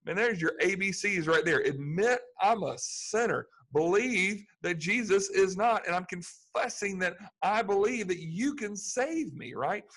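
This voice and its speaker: A man's voice: high voice, a bit bright, slightly rough. A man preaching a sermon in an earnest manner, building to fervent emphasis. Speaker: pastor.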